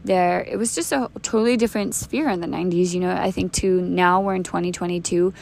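A woman's voice: fairly low pitch, fairly even intonation, a little fast, gravelly, a little mellow. A woman in her thirties hosting a podcast, telling her own faith testimony in an earnest, conversational way, with frequent restarts and fillers. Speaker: podcast host.

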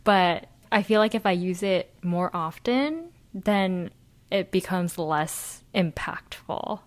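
A young woman co-hosting a casual podcast, soft-spoken and hesitant, giggling often. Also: lowish voice, lively intonation, slow pace. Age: young adult. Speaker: podcast co-host.

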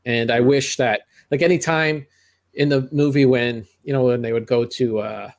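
A middle-aged man co-hosts a movie-review podcast, chatting casually and rambling through restarts and asides. His medium-pitched voice keeps fairly even intonation at a moderate pace.

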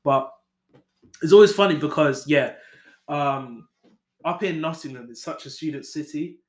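A man's voice: fairly high pitch, measured pace. Chatty man in an echoey room. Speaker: podcast host. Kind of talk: casual chat.

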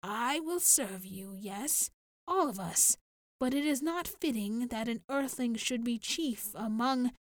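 A woman voicing a dignified old male alien chief who speaks slowly and gravely. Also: on the high side, animated, no room sound. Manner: slow and grave.

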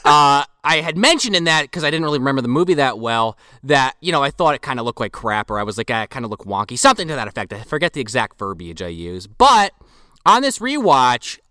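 Man, podcast co-host; bright tone, swooping pitch, casual banter. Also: fairly quick, clear, resonant tone, no room sound, studio quality. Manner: animated and chatty, swears casually. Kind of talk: casual movie discussion.

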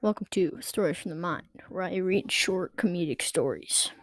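A woman hosting a podcast, reading a comedic story aloud in a slow, deliberate way. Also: lowish voice, dry recording, clean studio sound. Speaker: podcast host and story reader.

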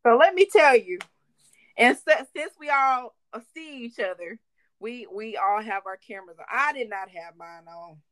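A woman's voice: fairly high pitch, normal speed, fairly bright tone, no echo. A young woman in her twenties co-hosting a podcast, telling a work story in casual, slangy chat and slipping into voices when she quotes people. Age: 20s. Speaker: podcast co-host.

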